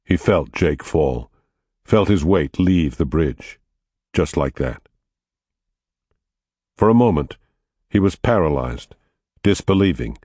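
A man with a very low voice reads a story aloud in a measured, steady way. His tone moves a lot, and the sound is dry and close, with no room in it. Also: breathy edge, no room sound. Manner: measured, steady, quietly dramatic. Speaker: narrator. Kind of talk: audiobook narration.

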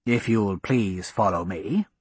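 A man voicing a secretive nobleman in a storybook reading, speaking low, slow and guarded. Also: a little mellow, husky, no echo. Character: smooth, secretive nobleman, a viscount.

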